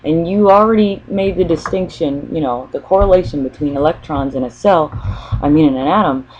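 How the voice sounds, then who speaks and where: A woman's voice: low voice, a little fast, darkish tone, slight background noise. A woman vlogging in a casual spoken monologue, rambling as she thinks aloud and often restarting mid-sentence. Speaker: spiritual vlogger. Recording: dull lo-fi recording.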